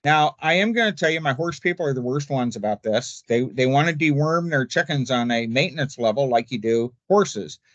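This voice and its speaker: A man's voice: medium pitch, expressive, a little fast, few pauses, no room sound. Older man, folksy poultry expert, casual seminar chat, dry dull call audio. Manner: folksy, chatty, jokey. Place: remote virtual seminar.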